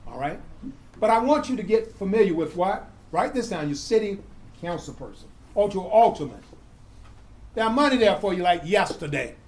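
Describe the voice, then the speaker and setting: A man's voice: high voice, lively intonation, normal speed, darkish tone, poor audio. A man teaching a grant-writing class, quizzing students with call-and-response questions and repeating key words. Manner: asks the class "what?" and answers himself, repeats key words. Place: community classroom.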